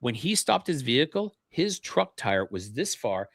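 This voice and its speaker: Appearing as a guest on a paranormal interview podcast, a man recounts his experiences earnestly, frequently restarting sentences and repeating opening words. His mid-range voice is sing-song, creaky, and fairly bright with a breathy edge, delivered at a measured pace with no echo.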